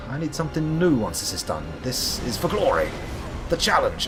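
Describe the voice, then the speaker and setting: A man's voice: mid-range voice, very animated, normal speed, music in the background. A man from the UK streaming a game live, rambling and theatrical, swearing and talking to the boss. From United Kingdom. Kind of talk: live gameplay commentary.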